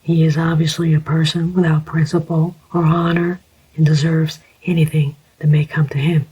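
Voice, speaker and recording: A narrator whispering the part of a gentle, formal older male inquiry agent, as whispered role-play. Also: mid-range voice, little pitch movement, normal speed, breathy edge, rough recording. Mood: grave.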